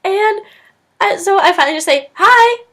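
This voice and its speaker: A woman's voice: fairly high pitch, expressive, fairly quick, fairly bright tone. A young woman telling stories casually to camera in her dorm room, chatty and full of "like", acting out quotes. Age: young adult. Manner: chatty, lots of "like", acts out quotes. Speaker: vlogger.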